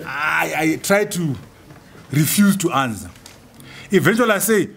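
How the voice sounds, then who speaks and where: A man's voice: a little high, expressive, a little slow, creaky, fairly bright tone, a little hiss or hum. A man from Zimbabwe giving an emphatic public lecture and building points through rhetorical lists. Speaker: guest lecturer.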